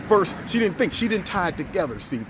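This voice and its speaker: A man hosting his own political commentary show, talking in an animated, mocking way and acting out the people he quotes. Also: sits high, fairly quick, noisy background. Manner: animated, mocking, acts out quotes in different voices.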